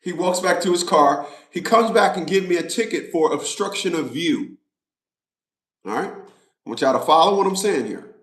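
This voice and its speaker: A man's voice: fairly high pitch, lively intonation, normal speed, fairly bright tone. A man talking straight to his viewers in a casual monologue, emphatic and repetitive, like a preacher. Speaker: vlogger. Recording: roomy echo.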